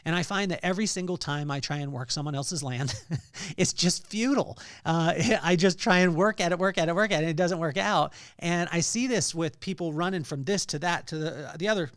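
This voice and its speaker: A man's voice: on the high side, fairly quick, fairly bright tone, clean tone, no echo, studio quality. A man hosting a podcast, giving a conversational devotional talk on scripture with many fillers and restarts. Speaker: podcast host.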